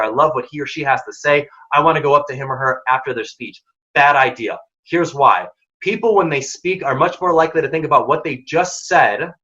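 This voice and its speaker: A man presenting a career workshop, talking in an emphatic, casual, energetic way. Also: a little high. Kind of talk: career advice talk. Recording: dull lo-fi recording.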